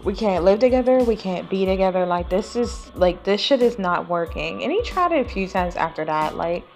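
A woman's voice: medium pitch, lively intonation, normal speed, darkish tone, soft background music. A woman hosting a podcast, telling a personal story in a blunt, chatty, profane way, talking to the listener like a close friend. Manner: talks to listener like a friend, calling them sis. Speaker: podcast host. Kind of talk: casual storytelling monologue. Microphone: podcast voice recording.

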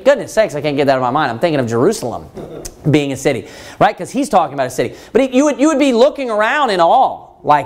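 Man preaching with very lively pitch. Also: quick pace. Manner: emphatic rhetorical questions, many fillers. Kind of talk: Bible teaching sermon.

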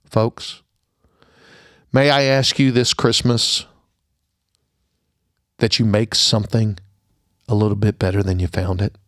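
A middle-aged man hosting a podcast, telling a personal story earnestly and going quiet at the sad parts before a holiday message. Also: fairly low pitch, takes it slowly, long pauses, no room sound, clean studio sound. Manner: earnest storyteller, drops to a hushed tone at sad moments. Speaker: podcast host.

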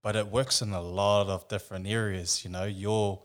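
A man's voice: fairly low pitch, little pitch movement, moderate pace. A man who is a bodybuilder, talking reflectively in casual podcast chat with many "you know"s. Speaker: guest, bodybuilder.

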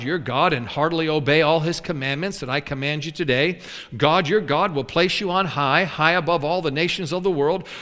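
A man preaching a sermon, animated, acting out the complaining voices of the people in his story. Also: fairly high pitch. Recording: long hall reverb.

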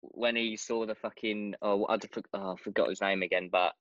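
A man's voice: on the low side, fairly even intonation, fairly quick, a bit bright, dry recording, lo-fi sound. A man in casual podcast chat, earnest and emotional, with stumbling restarts. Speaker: podcast co-host.

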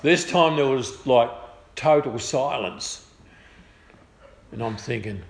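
Telling a personal story casually, a middle-aged Australian man sounds chatty and good-humoured, bringing quotes to life with lively voices. He speaks slowly at a medium pitch, creaky and pausing often, amid slight background noise in an echoey room with faint ambience.

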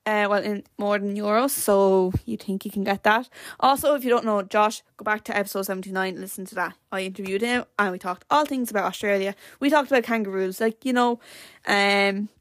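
A woman's voice: mid-range voice, brisk, dry recording. A teenage Irish girl hosting her own podcast, rambling chattily with lots of fillers. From Ireland. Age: teens. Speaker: podcast host. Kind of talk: casual solo podcast chat.

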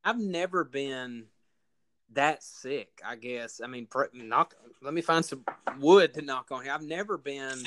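A man telling a funny story on a casual podcast, laughing often and acting out loud quotes. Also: mid-range voice, measured pace, no room sound. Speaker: podcast host.

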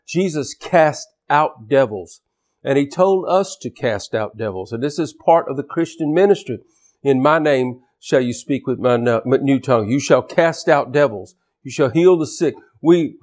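A man's voice: mid-range voice, darkish tone. Man preaching an emphatic sermon. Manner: emphatic preaching, with repeated words and restarts. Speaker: pastor.

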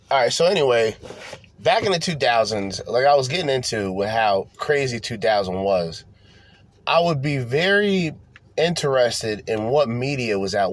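Speaking a little slowly in a mid-range voice, the podcast host launches into an animated, swear-filled rant full of restarts and repeated phrases. There's slight background noise.

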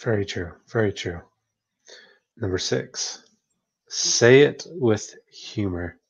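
A man co-hosting a casual book discussion podcast, chatty and relaxed, often tagging "right?" and laughing. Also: lowish voice, slow, creaky, breathy edge. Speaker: podcast co-host, therapist.

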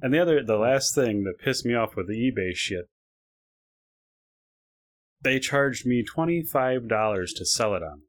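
A man in casual chat, telling a profane, animated story about a bad online sale. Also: medium pitch, normal speed, pauses often.

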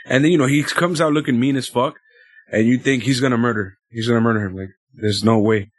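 A male co-host in relaxed banter, swearing freely and wandering through his thoughts with lots of "like" and "you know". His voice sits at an ordinary pitch and is recorded dry and close. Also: fast talker, no echo. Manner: loose and profane, rambling with filler words. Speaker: podcast co-host. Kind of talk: casual chat about wrestling.

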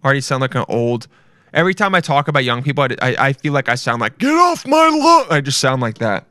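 A man's voice: medium pitch, quick pace, bright, forceful tone, smooth, no echo, studio quality. A man in his twenties hosting a casual solo podcast, rambling and swearing with self-mocking asides into a podcast mic. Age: 20s. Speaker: podcast host.

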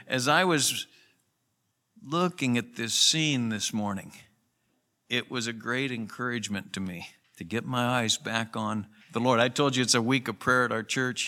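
A man's voice: mid-range voice, pushed and bright. A pastor preaching a sermon in an earnest, conversational way, with emphatic rises in his voice. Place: church.

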